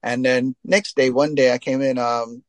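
A man from Trinidad, a reggae singer giving a relaxed interview, telling long stories packed with "you know" fillers. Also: mid-range voice, moderate pace, dry recording. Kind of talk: casual storytelling interview.

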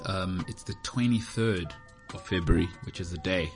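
Man, podcast host, solo casual chat, rambling, self-deprecating jokes, lowish voice. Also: moderate pace, few pauses, music in the background. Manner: rambling, self-mocking joking. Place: indoors, heated room.

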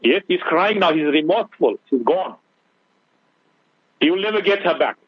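Man, radio talk guest, scholar, earnest preaching tone, husky voice, phone-line sound. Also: fairly high pitch, lively intonation, moderate pace, dry recording. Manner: earnest, preaching, mixes Urdu phrases. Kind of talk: radio talk show advice.

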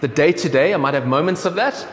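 A man's voice: on the high side, lively intonation, quick pace. A man from South Africa with a South African accent, preaching a sermon in a casual, conversational way with many ums and restarts. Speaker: pastor. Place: church hall. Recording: echoey church hall with faint room noise.

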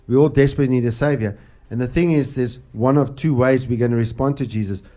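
A man's voice: medium pitch, fast, warm tone, soft background music. A man hosting a Christian talk show, preaching earnestly about the cross with frequent restarts. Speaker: host.

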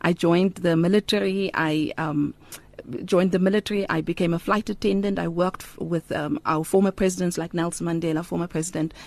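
A woman's voice: fairly low pitch, fairly even intonation, brisk, darkish tone, no echo. Earnest woman sharing testimony. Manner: earnest, heartfelt storytelling with frequent ums. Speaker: interview guest. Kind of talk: personal testimony in conversation.

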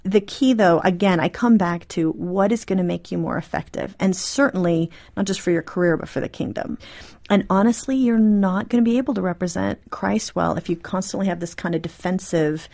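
A woman speaking as an interview guest, animated and explanatory, often acting out short quoted exchanges in her own talk. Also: lowish voice, fairly quick, gravelly. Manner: animated, acts out quoted dialogue. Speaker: guest author. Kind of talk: interview conversation.

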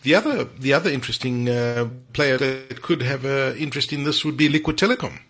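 Husky-voiced male podcast co-host. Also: medium pitch, brisk, a bit bright. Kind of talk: casual tech podcast chat.

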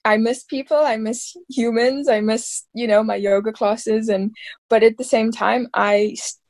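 A woman's voice: on the high side, steady tone, unhurried, darkish tone. A woman in her thirties from South Africa, an actress talking casually in an interview, rambling and full of fillers. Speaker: actress guest.

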